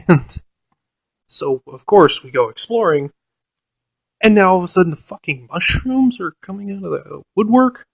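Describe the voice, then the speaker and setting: A man's voice: sits high, expressive, a little slow, creaky, husky, no room sound. A man casually telling a rambling, profane story about a tabletop game, full of fillers and restarts, and mimicking the game master. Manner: quotes the game master in a mocking voice. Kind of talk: casual anecdote.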